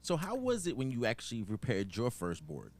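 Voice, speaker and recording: A man hosting a casual interview, relaxed and steering the talk with questions. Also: mid-range voice, a little fast. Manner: relaxed, prompting questions, laughs along. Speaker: podcast host.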